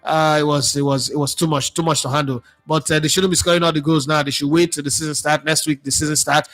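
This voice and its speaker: A man's voice: a little high, little pitch movement, fast talker, fairly bright tone. A man hosting a casual live football talk show, reading viewer comments with sarcastic, chatty asides and many fillers. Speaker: sports talk host.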